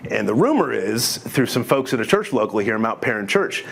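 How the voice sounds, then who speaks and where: A gravelly, sing-song mid-range voice, a little fast and carrying a slight hiss or hum, belongs to a middle-aged man telling an audience his testimony. He's earnest and conversational, with frequent restarts and quoted dialogue.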